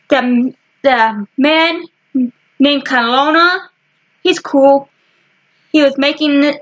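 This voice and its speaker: A woman casually showing her book collection to the camera, talking in short halting fragments with frequent restarts. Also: high voice, fairly bright tone, muffled recording. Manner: slow and rambling. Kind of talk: casual chat.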